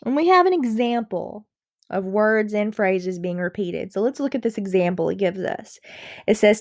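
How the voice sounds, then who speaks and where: A woman gives a reading lesson in a dry, close recording with no room sound. She explains each point patiently, repeats it and fills pauses with um. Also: medium pitch, sing-song, darkish tone, no room sound. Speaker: reading teacher.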